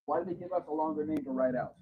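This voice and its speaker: A man's voice: on the high side, rapid-fire, slightly rough, narrow, tinny audio. A man hosting a casual livestream from home, telling long rambling stories in a chatty way. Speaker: livestream host.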